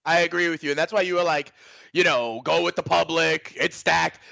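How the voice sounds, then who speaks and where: A man's voice: on the high side, fairly even intonation, normal speed, gravelly, sharp tone, dry recording, dull audio. A man co-hosting a sports betting show, chatting conversationally and often checking for agreement. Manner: conversational, asks for agreement with "right?". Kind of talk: casual sports betting talk.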